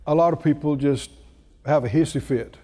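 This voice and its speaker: A man's voice: fairly high pitch, moderate pace, mellow. A male preacher delivering a sermon, telling a story with laughter and rising exclamations. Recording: reverberant hall.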